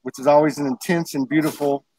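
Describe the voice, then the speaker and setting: A man's voice: fairly high pitch, fairly even intonation, fast, a little mellow, slightly rough, dry recording, rough recording. A man hosting a casual livestream chat over a video call, talking in a rambling way and laughing often. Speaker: host.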